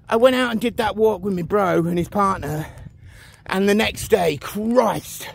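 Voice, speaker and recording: Man, out of breath on a walking vlog, gravelly, husky voice, chatty to camera, recorded outdoors on a phone. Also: high-pitched. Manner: chatty, keeps asking the viewer "you know what I mean". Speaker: vlogger. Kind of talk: casual walk-and-talk vlog. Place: outdoors on a village road.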